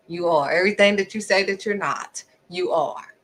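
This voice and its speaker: A woman's voice: fairly low pitch, normal speed, fairly bright tone. A woman preaching to her viewers in an emphatic style, repeating lines for stress and acting out other people's voices. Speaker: faith-based vlogger. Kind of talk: preaching to camera.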